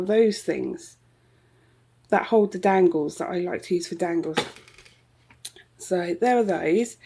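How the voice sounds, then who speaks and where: A woman's voice: medium pitch, dark tone, slightly rough. A woman chatting casually through a tour of her home craft room, rambling with lots of ums and little laughs. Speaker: craft vlogger. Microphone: handheld camera.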